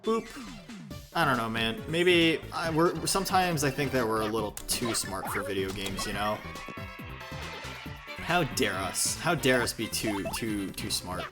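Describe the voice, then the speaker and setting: A man streaming himself playing a video game, chatting casually with viewers, rambling and swearing with plenty of fillers and restarts. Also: normal speed. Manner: rambling, profane, lots of fillers and self-corrections; animated, jumpy pitch. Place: home streaming setup. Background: video game music.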